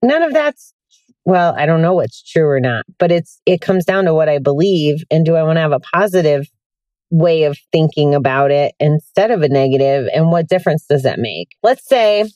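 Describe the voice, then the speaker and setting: Woman, low voice, tired, chatty podcast host, lots of fillers, dry sound, in a car. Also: expressive, normal speed, warm tone, no echo. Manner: chatty, candid, with many fillers. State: tired, yawning. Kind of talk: casual self-help podcast monologue. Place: sitting in a hot car.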